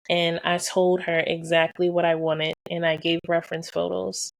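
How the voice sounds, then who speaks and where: Gravelly, low-voiced woman vlogging. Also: no echo. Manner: emphatic, repeats phrases for stress; slangy and direct, addresses viewers. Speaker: vlogger and fashion brand founder. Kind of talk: candid personal vlog storytelling.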